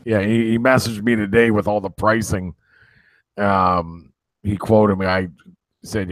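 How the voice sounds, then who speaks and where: A man's voice: fairly low pitch, measured pace. A man in casual conversation, retelling a call with a supplier and acting out both sides. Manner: animated storyteller, acts out both sides. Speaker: flat earth merchandise seller.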